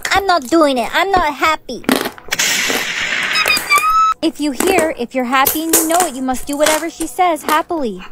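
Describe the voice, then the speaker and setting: A synthetic voice doing a creepy high-pitched female game announcer. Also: normal speed, pauses often, over loud music, lightly acted. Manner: flat synthetic text-to-speech delivery. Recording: loud background noise.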